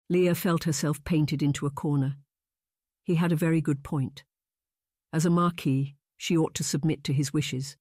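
A man reads audiobook narration at an even, measured pace. His voice sits a little high for a man. The sound is dry and close, with no room around it. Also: dry recording. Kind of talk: scripted narration.

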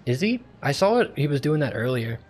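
A young man chatting casually as he streams a game, rambling and thinking out loud. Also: mid-range voice, big pitch swings, fairly quick, faint music behind. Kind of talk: casual gameplay commentary.

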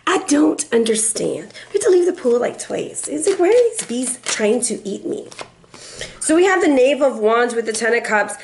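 A woman's voice: on the high side, very animated, moderate pace, vocal fry. A middle-aged woman giving a casual tarot reading, chatty and playful, who acts out quoted voices and breaks into snatches of song. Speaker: tarot reader and life coach.

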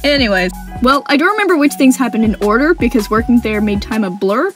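A woman's voice: on the high side, lively intonation, fast, faint music behind. A young woman narrating funny work stories with wry, sarcastic humor. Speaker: animation storyteller. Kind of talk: story-time narration.

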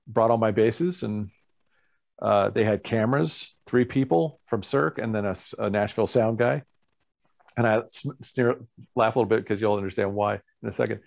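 A guest musician in a casual interview tells a lively story, performing the other people's lines himself. His voice is on the low side and creaky.

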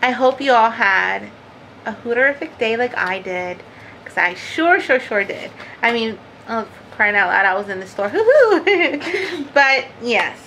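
A bright, fairly high-voiced woman rambles happily through a home crafting vlog. She laughs often and says "like" a lot. There is a faint hiss under her voice. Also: normal speed, vocal fry, low-quality recording. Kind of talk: casual chat to camera.

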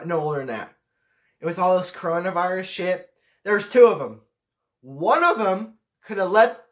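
A teenage boy vlogging a casual rant to camera, ranking pet peeves in a profane, exasperated way. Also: fairly high pitch. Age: teens.

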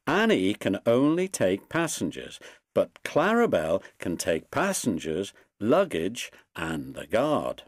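A man reading a children's railway storybook aloud, slowly and expressively. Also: on the low side, huge pitch swings, dry recording, clean studio sound. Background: background music.

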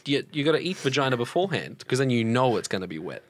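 A man's voice: medium pitch, sing-song, fast talker, background noise. A young man co-hosting a podcast in casual crude chat, rambling with frequent restarts and laughing. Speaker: podcast co-host.

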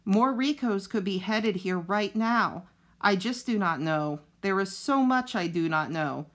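A woman voicing a gentle female robot in a storybook reading, speaking in a measured, plain-spoken way. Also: mid-range voice, lively intonation, lightly acted. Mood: earnest. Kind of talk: reading a children's novel aloud.

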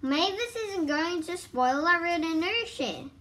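A woman reading aloud as a wary, grumbling young woman, with a halting read. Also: very high voice, expressive, fairly bright tone, voice pushed up, full character voice. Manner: reads haltingly, stumbling over words.

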